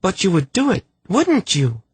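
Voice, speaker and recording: A petulant young woman in a sickbed sulks and snaps with sarcasm, her pitch swinging widely. A man reads her in a raised, slightly husky voice. The audiobook sound is close and dry. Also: huge pitch swings, moderate pace, dry recording, exaggerated voice. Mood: defiant. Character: sulky, sharp-tongued young woman stuck in a sickbed. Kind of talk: audiobook character voice.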